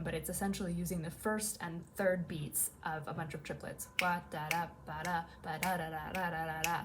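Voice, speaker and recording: A woman's voice: fairly low pitch, slight background noise. A woman songwriter casually explaining her song to viewers. She is upbeat and hums rhythms aloud as she talks.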